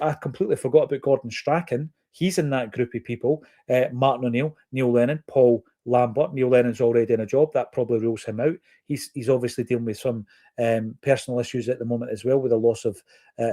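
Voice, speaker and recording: A man's voice: mid-range voice, mellow. Opinionated Scottish man hosting a podcast. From Fife, Scotland. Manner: earnest, opinionated, measured with fillers. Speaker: podcast host reading listener comments. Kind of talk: football podcast chat.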